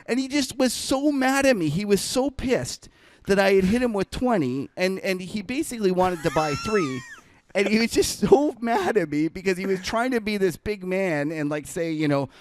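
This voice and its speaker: A man's voice: high voice, wildly swooping pitch, moderate pace. A man telling a long trading anecdote in a casual podcast chat, with many fillers and restarts, acting out other people's lines and laughing as he goes. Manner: rambling anecdote full of fillers and self-corrections; laughs while telling the story. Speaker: trader and podcast co-host. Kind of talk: casual storytelling.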